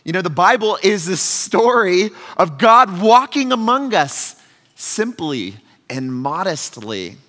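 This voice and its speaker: A man preaching a sermon as pastor, conversational and earnest, swinging from loud emphasis to quiet asides. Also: high voice, sing-song, slow pace. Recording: long hall reverb.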